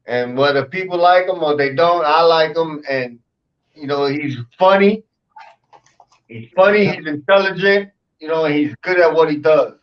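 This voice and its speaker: A man's voice: a little high, normal speed, highs cut off. A man hosting a casual online talk show, laid-back, laughing often and swearing freely. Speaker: podcast host. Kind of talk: casual chat.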